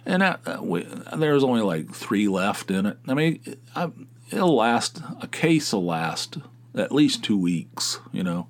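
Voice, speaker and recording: A man's voice: on the low side, big pitch swings, unhurried. A middle-aged man hosting a podcast, talking in a rambling, profane casual monologue with many restarts. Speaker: podcast host.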